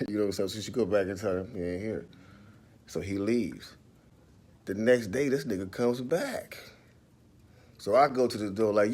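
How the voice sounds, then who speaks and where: A man hosting a casual livestream, telling stories in an animated, profane way and laughing often, speaking into a phone. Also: on the low side, moderate pace, pauses often.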